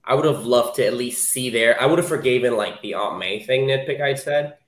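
A young man co-hosting a podcast, chatting excitedly about a movie, swearing freely. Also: mid-range voice, a little fast. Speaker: podcast co-host. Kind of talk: casual chat, movie talk. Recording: roomy echo.

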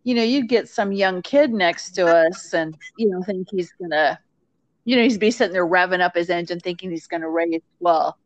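A woman in casual conversation, telling a story about driving with her daughter in a relaxed, chatty way. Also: fairly low pitch, moderate pace, no echo. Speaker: grieving mother sharing memories. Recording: slightly muffled, dry recording.

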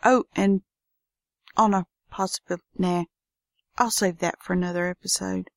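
Chatty southern woman with a gravelly edge. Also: lowish voice, steady tone, normal speed, no echo, studio quality. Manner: chatty, folksy, quirky. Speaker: podcast host. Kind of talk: casual solo podcast chat. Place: home office.

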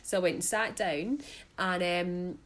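A woman's voice: fairly low pitch, expressive, moderate pace, a bit bright. A Scottish woman co-hosting a podcast, telling a story in casual chat and laughing as she talks. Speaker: podcast co-host.

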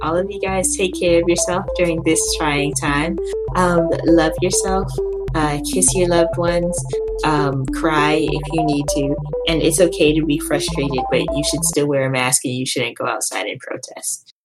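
A woman's voice: deep voice, fairly even intonation, unhurried, rough recording. A woman hosting a podcast with a teasing, laughing manner in casual chat. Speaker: podcast host. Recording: music behind the voice.

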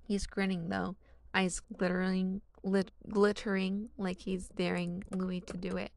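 A woman's voice: medium pitch, little pitch movement, measured pace, vocal fry, a little mellow, no echo. A woman narrating a fan fiction story in a casual, wry reading style.

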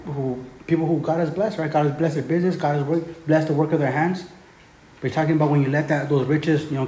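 Male preacher, casual sermon delivery, mellow tone, echoey room. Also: on the high side, a little hiss or hum. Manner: conversational preaching, frequent "man" and "right?". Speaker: pastor. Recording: roomy echo with faint ambience.

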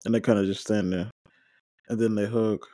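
A man talks through an episode recap in an easygoing, meandering way, tossing in fillers as he goes. His voice sits on the lower side and sounds warm and mellow. It's recorded close and dry, with no room sound. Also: steady tone, normal speed, no room sound. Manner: rambling, loose retelling with fillers. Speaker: podcast host.

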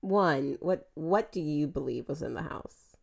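A woman's voice: low-pitched, lively intonation, measured pace, vocal fry, breathy edge. A woman hosting a podcast, chatting casually, teasing her guest and laughing easily. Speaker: podcast host. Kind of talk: casual chat.

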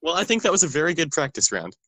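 A man guesting on a comedy podcast who delivers dry, deadpan teasing. His pitch moves a lot even when he keeps a straight face. The sound is close and dry. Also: racing, dry recording. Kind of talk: comedic casual chat.

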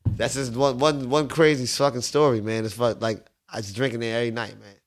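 A man's voice: mid-range voice, fairly even intonation, brisk. A man, telling stories in a laid-back, streetwise way in a podcast studio. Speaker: bar owner guest. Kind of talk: casual storytelling.

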